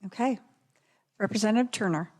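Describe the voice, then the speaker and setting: A woman's voice: medium pitch, brisk, darkish tone. A woman runs a legislative committee hearing. She speaks briefly and directly as she calls on members. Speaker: committee chair. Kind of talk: chairing a hearing.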